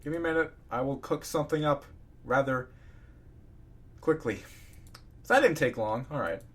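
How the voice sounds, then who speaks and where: A man reading fan fiction aloud in a casual, expressive way, breaking off into ranting asides. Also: fairly high pitch, normal speed. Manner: expressive, swings between narration and ranting asides.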